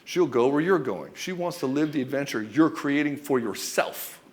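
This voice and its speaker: A man's voice: mid-range voice, animated, moderate pace. A man giving a relationship coaching monologue straight to the camera, blunt and emphatic, swearing often and calling the listener brother and dude.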